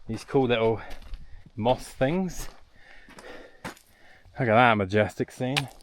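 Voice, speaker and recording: A man's voice: mid-range voice, slow pace, a little hiss or hum. Chatty man vlogging on a mountain hike. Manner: rambling, chatty, swears freely. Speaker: hiking vlogger. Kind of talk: casual vlog chat. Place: outdoors on a high mountain trail.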